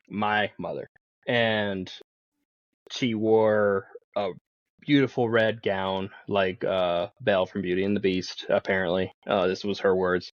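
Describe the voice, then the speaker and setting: Podcast guest, a man with a lowish voice; loose, chatty storyteller, slightly muffled dry sound. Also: steady tone, a little slow, no echo. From Pennsylvania. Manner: rambling, laughs often, swears casually. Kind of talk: casual storytelling.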